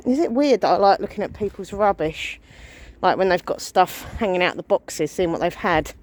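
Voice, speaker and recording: Strolling down a residential street, this woman in her thirties records a casual vlog, breathless and worried. Her voice is fairly low and a little mellow, with lively intonation at a moderate pace, and she chats self-deprecatingly with many sighs.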